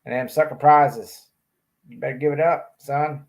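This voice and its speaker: A man putting on the voice of a pushy, rowdy man loudly demanding his package at the post office, with a bossy drawl. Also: mid-range voice, steady tone, moderate pace, voice pushed up, close to an everyday voice.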